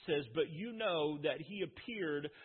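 A man preaching a sermon, talking conversationally and firing off rhetorical questions with dramatic pauses. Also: on the high side, husky. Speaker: pastor. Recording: phone-like audio with long hall reverb.

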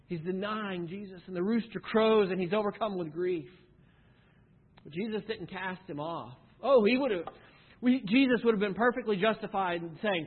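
A pastor preaches a sermon earnestly in a high-pitched, breathy-edged voice at a moderate pace. He stumbles, often repeating a word as he restarts, and asks the listeners rhetorical questions. The audio sounds tinny and phone-like, with long hall reverb.

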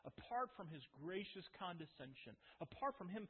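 A man preaching a sermon as a pastor, emphatic, with dramatic pauses and repeated phrases. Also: high-pitched, sing-song, husky. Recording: phone-like sound with long hall reverb.

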